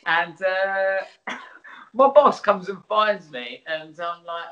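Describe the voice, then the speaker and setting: A man's voice: high voice, a little slow, fairly bright tone, roomy sound, dull audio. A man chatting as an interview guest over a video call, restarting his sentences and laughing often. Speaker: musician and theatre performer, guest. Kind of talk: casual interview chat.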